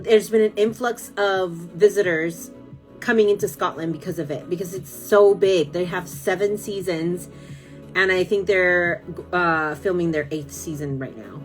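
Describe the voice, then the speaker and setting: A woman from California, chatting casually on a live stream, rambling and gushing with lots of fillers as she answers viewer comments. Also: mid-range voice.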